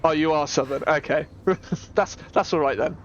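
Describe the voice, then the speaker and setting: A young British man casually commenting while he plays a game, chatty and excitable, often laughing. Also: on the high side, normal speed, highs cut off, background noise. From Britain. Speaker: streamer.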